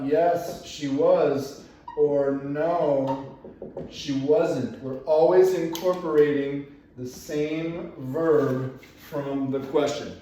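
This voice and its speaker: A man teaching an English grammar lesson, explaining slowly and patiently with repeated examples. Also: a little high, darkish tone, slight background noise. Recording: echoey room, far from the mic.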